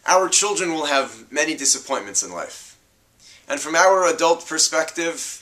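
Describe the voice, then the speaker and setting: A man, a rabbi, giving an earnest, measured scripted talk on parenting. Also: a little high, pushed and bright.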